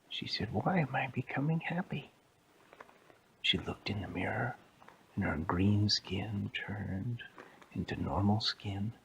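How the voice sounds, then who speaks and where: Man, whispered storytelling, soft and hushed, gravelly, lively pitch, clear hiss.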